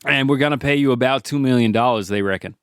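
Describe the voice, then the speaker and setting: A man's voice: medium pitch, quick pace, clean tone, dry recording, clean studio sound. A man and podcast co-host in an improvised comedy sketch, playing an easygoing, upbeat agent who explains things.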